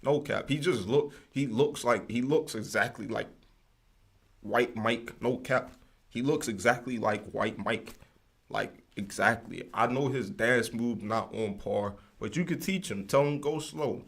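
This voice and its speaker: A man's voice: mid-range voice, moderate pace. A young man from the United States hosting his own podcast, rambling in loose, slangy casual talk and drifting off topic often. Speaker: podcast host. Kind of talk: casual solo ranting.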